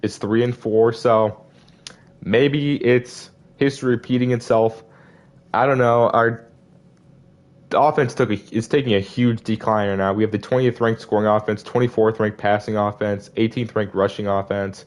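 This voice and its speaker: A man's voice: fairly low pitch, fairly even intonation, moderate pace. A young man giving casual gameplay commentary, frustrated and disappointed as he rambles through season stats. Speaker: gaming video creator.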